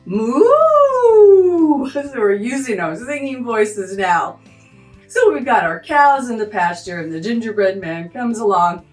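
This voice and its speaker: A woman's voice: mid-range voice, animated, measured pace, reverberant, far from the mic. A woman music teacher walking through a lesson, acting out animal sounds as she explains. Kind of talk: teaching tutorial.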